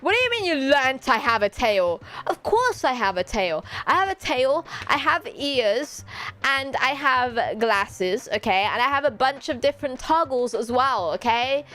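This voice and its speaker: A British woman chats to her stream at a slow, unhurried pace, playful and giggly, with a fairly high voice. She teases her viewers and breaks into high squeals. Faint music plays under her voice. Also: animated, pushed and bright. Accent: British English. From Britain. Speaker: VTuber streamer. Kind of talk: casual chat.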